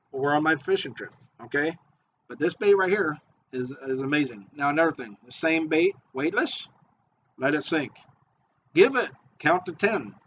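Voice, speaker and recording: A man who makes fishing baits and guides charters, giving an excited, repetitive how-to talk. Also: on the high side, a little hiss or hum. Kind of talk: casual how-to video talk. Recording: dull lo-fi audio.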